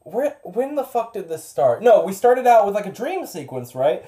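A podcast host in their thirties with a gravelly voice, chatting casually and rambling about a TV episode. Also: mid-range voice, normal speed. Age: 30s. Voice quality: gravelly, smoker-like. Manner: rambling, animated, swears. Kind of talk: casual chat.

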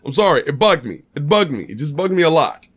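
A man hosting a podcast, chatting casually about a movie, animated and rambling, repeating himself often and restarting his sentences. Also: a little high, quick pace. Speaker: podcast host. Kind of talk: casual movie review chat.

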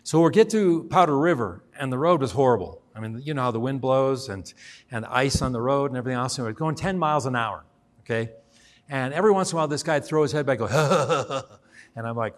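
A man's voice: medium pitch, animated, brisk. A middle-aged man preaching as a guest speaker, telling a personal story and acting out the dialogue. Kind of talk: sermon storytelling.

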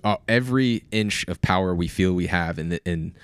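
A man's voice: deep voice, moderate pace, clean tone, dry recording, studio quality. A man co-hosting a podcast, explaining things in casual chat and often restarting his sentences. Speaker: podcast co-host.

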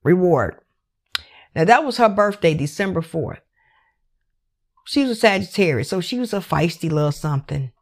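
A woman's voice: on the low side, lively intonation, moderate pace, pauses often. A woman recapping a true crime case in a casual, emotional and candid way, swearing freely and leaning on "like" as she talks. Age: adult parent. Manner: emotional, candid and profane, with many "like" fillers.

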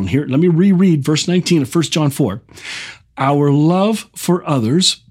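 A man preaching in an earnest tone, reading Bible verses slowly and asking his listeners pointed questions. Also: medium pitch, darkish tone. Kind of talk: sermon-style Bible teaching.

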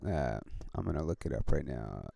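A man's voice: rumbling low, very animated, normal speed, gravelly, warm tone, dry recording. A man hosting his own podcast, talking in a casual, rambling way with many restarts and frequent swearing. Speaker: podcast host and comedian.

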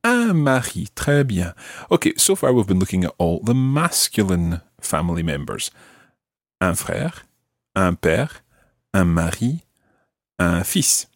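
Deep-voiced man teaching slowly. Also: very animated, no room sound, clean studio sound. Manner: patient, modelling words slowly for repetition. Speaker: language teacher. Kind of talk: podcast language lesson.

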